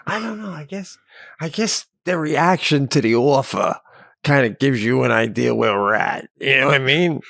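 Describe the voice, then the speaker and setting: A middle-aged man co-hosting a comedy podcast, talking in an animated way and laughing as he acts out lines in his stories. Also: medium pitch, normal speed, gravelly, no room sound, studio quality. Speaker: podcast co-host. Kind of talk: casual comedic chat.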